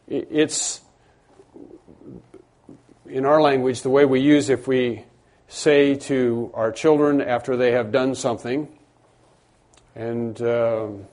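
A middle-aged man delivers a sermon in a warm, mellow voice. He speaks earnestly, circling back and repeating key words to stress them. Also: medium pitch. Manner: earnest, repeats and restarts for emphasis. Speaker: pastor.

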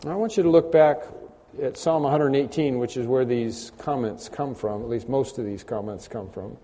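Pastor preaching in a reverberant hall. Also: male voice, mid-range voice, moderate pace, mellow. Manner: conversational, repeats words, frequent throat clearing. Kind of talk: sermon.

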